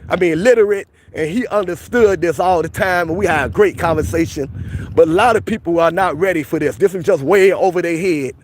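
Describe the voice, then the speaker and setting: A man's voice: high voice, a little hiss or hum. A man, livestreaming outdoors and arguing insistently with his viewers, repeating his points. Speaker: livestream host. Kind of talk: street livestream arguing with chat. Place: outdoors by a police station.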